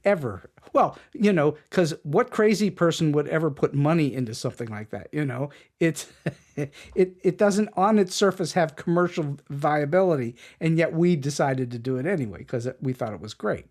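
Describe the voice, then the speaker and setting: A man's voice: a little high, moderate pace. A man hosting an interview podcast, telling stories with energy and laughing often. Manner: animated storyteller, laughs often. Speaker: podcast host. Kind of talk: casual interview chat.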